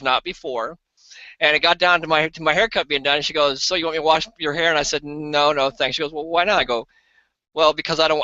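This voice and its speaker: A man with a bright, forceful, slightly high voice tells everyday stories to push a product. He acts out the people he quotes with excitable jumps in pitch. The sound is dry and dull, like a lo-fi video call. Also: dry recording. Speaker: co-host of an online sales hangout. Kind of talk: casual storytelling and sales pitch.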